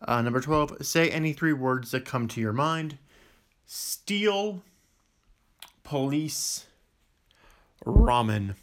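A man's voice: medium pitch, normal speed, hardly any pauses, a bit bright. A man with a Western Pennsylvania accent reading a word list for an accent challenge vlog, with casual asides between words. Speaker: vlogger.

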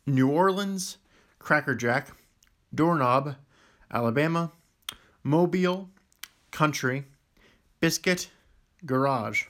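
A man's voice: a little high, slow, pauses often, a bit bright. A man with a Western Pennsylvania accent reading a word list for an accent challenge vlog, with casual asides between words. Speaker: vlogger.

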